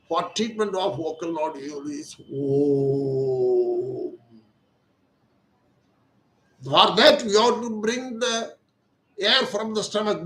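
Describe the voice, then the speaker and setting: An older man with an Indian English accent, an ENT surgeon giving a slow, deliberate talk that repeats its key words. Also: high-pitched, fairly bright tone, reverberant, slight background noise, rough recording. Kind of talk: lecture-style explanation.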